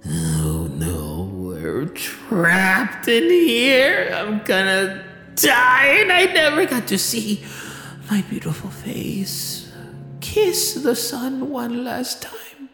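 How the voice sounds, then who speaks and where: A vain, melodramatic figure, put on by a man in a high, swooping voice, lurching between theatrical wailing and wounded guilt-tripping. Faint music plays underneath. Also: sing-song, drawn-out words, bright, forceful tone, echoey room, big-room sound, heavily acted. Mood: wailing despair.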